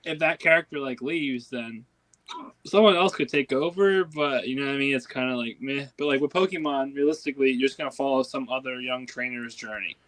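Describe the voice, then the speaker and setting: Rambling co-host with the hiccups. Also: male voice, mid-range voice, fairly quick, fairly bright tone, rough recording. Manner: rambling, lots of "like" and restarts. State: has the hiccups. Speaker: podcast co-host. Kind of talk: casual podcast chat.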